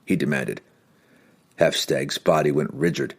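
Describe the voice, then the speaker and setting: Deep-voiced man narrating a fantasy audiobook. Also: unhurried, slightly rough. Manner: dramatic, expressive reading.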